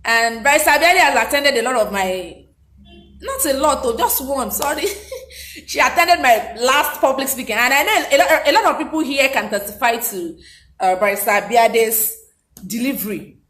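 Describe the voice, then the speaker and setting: Animated woman giving a motivational talk. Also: high-pitched, moderate pace. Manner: animated, emphatic, repeats key lines. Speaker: motivational speaker. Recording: roomy echo.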